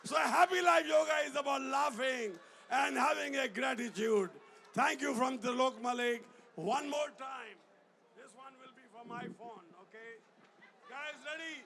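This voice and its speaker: A man leading a crowd in laughter yoga at an outdoor event, shouting and breaking into hearty laughter. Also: very high voice, unhurried, gravelly, slight background noise. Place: outdoor event in a city square.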